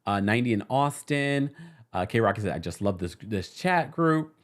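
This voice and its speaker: Animated chatty male live-streamer. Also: lowish voice, moderate pace. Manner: chatty, reads viewer comments aloud, laughs often. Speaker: live-stream recap host. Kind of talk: casual live-stream chat. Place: New York City.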